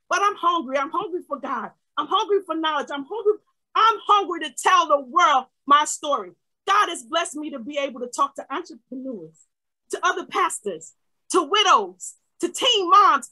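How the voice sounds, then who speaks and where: A woman's voice: sits high, expressive, moderate pace, poor audio. Fiery woman pastor preaching in bursts. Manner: fervent preaching, swings from shouting to quiet asides. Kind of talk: sermon.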